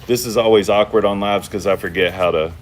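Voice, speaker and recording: A man hosting a casual livestream check-in from home on his phone, talking in a laid-back, slangy way and shouting out viewers in the chat. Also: lowish voice, a little fast, slight background noise. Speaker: channel host.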